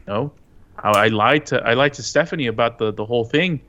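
A man co-hosting a casual TV recap podcast, speaking in a relaxed, hesitant way. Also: medium pitch, fairly quick. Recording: dull lo-fi sound.

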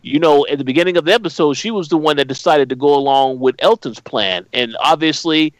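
A man giving his take in a casual recap chat, speaking in a measured way with frequent fillers and restarts. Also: a little high, no echo, poor audio. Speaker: podcast co-host.

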